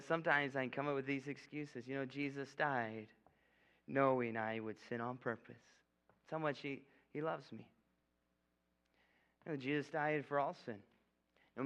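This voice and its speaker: A man's voice: medium pitch, sharp tone, clean tone. A young man preaching a casual, joking sermon with an altar call, tossing in frequent "okay?" asides. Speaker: guest preacher. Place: church sanctuary. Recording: echoey hall, dull lo-fi sound.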